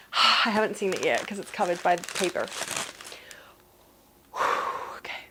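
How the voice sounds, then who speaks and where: A young woman who grew up in New Zealand, chatting excitedly through a casual unboxing vlog and gushing with gasps. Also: on the low side, unhurried, background noise. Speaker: vlogger.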